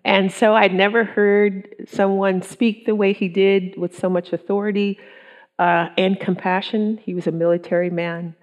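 A woman's voice: medium pitch, flat delivery, moderate pace, dull audio. A middle-aged woman giving an earnest, conversational testimony to a women's group, often with ums and quoted thoughts. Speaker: women's ministry speaker.

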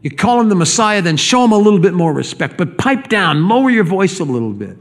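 A man's voice: sits high, sing-song, a little fast, pitched above the performer's own voice, full character voice. A man playing a bossy, shushing crowd. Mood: scolding. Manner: bossy, dismissive. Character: scolding crowd telling a man to hush.

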